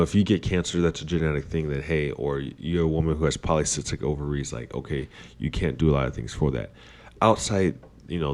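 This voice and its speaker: A man's voice: rumbling low, a little mellow. A man hosting a casual philosophical monologue, rambling with many fillers and restarts. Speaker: podcast host.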